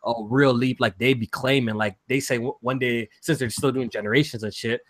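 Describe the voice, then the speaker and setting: A man hosting a casual gaming podcast, talking in loose slang and getting loud and hyped when he jokes around. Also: mid-range voice, fairly even intonation, fairly quick, no room sound. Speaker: podcast host.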